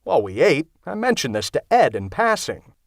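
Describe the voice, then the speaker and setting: Casting: male audiobook narrator, wry and sarcastic, very lively pitch swings, dry booth sound. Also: fairly quick, creaky, dry recording. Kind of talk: first-person comedic horror narration. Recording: dry close studio sound.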